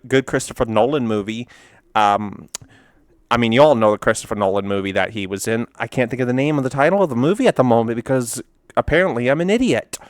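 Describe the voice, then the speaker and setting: Clear-voiced man, casual commentary. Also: fairly low pitch, dry recording. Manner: rambling, filler-heavy, frank. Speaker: video host reacting to memes.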